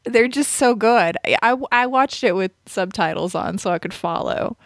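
A woman's voice: mid-range voice, moderate pace, no echo, studio quality. Chatty woman host rambling casually. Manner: chatty, laughs often, rambling with restarts. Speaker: radio and podcast host. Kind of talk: casual chat about a movie.

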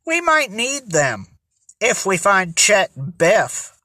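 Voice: mid-range voice, big pitch swings, slow, pushed and bright, dry recording, exaggerated voice. Tony, a reader voicing an upbeat teenage pal. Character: friendly teenage boy, Tony. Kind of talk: audiobook character reading.

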